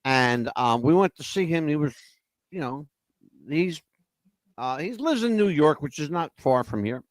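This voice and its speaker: Male talk host, animated and teasing, lively high-ish voice, dry close sound. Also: a little slow, no echo. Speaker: show host. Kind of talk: casual chat.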